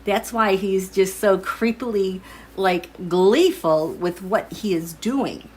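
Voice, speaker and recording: A woman's voice: mid-range voice, takes it slowly, breathy edge. A woman giving a casual tarot and astrology reading to her viewers, musing aloud as she turns over cards. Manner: musing, thinking aloud while drawing cards.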